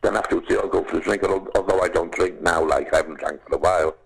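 A man with a Liverpool accent, an actor chatting and telling lively stories, acting out other voices and calling people "lad". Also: low-pitched, fast talker, gravelly, slightly rough, poor audio. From England. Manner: animated storyteller, acts out voices, says "lad". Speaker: actor and guest. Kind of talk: casual chat, storytelling.

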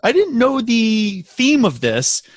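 A man's voice: very high-pitched, wildly swooping pitch, slow pace, no echo, clean studio sound. A man co-hosting a podcast in casual chat, playful and teasing. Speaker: podcast co-host.

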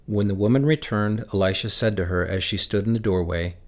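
A man with a fairly low voice reads scripture aloud for his church. His delivery is measured and steady, and he slows down on key phrases. It sounds like a scripted daily reading. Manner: lifts his voice for shouted lines in the text. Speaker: Bible reader for a church.

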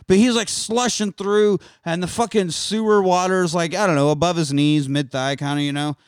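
Podcast co-host, male, slightly high voice, dry close mic, animated profane movie recapper. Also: moderate pace, clear, resonant tone, no echo. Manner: animated storytelling, acts out movie lines, swears freely. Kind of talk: casual profane chat.

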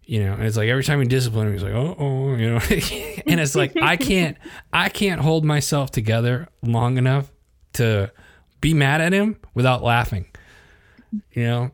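A man's voice: mid-range voice, lively intonation, normal speed. Laughing man rambling through a story. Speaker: podcast co-host. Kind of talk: casual chat.

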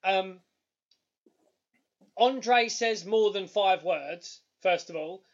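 Excitable high-voiced man. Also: extremely slow, lo-fi sound. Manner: excitable, animated storytelling with loud bursts. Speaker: podcast co-host. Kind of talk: casual chat.

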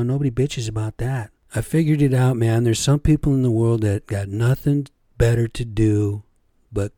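A man's voice: lowish voice, warm tone, no echo, studio quality. A middle-aged man hosting his own podcast on a cheap home setup, rambling and swearing freely while asking rhetorical questions. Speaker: podcast host. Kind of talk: casual solo podcast rant.

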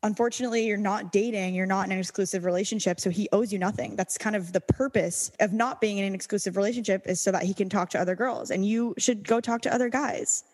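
A woman's voice: mid-range voice, steady tone, fast, hardly any pauses, a little mellow, long reverb tail. A young woman co-hosting a podcast, giving frank, upbeat advice in a casual chat. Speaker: podcast co-host.

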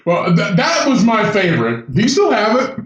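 A man co-hosting a casual podcast, telling a story loudly, laughing and swearing. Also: sits high, huge pitch swings, normal speed, recorded from a distance, dull audio. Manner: loud, laughing storyteller, swearing, rises into shouts. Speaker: podcast co-host. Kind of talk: casual chat. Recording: echoey room, voice off-mic.

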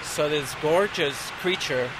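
A man, a flight attendant guest, telling an animated anecdote and acting out the voices of the people in it with big jumps in pitch. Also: a little slow. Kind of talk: animated storytelling. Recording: loud traffic noise behind.

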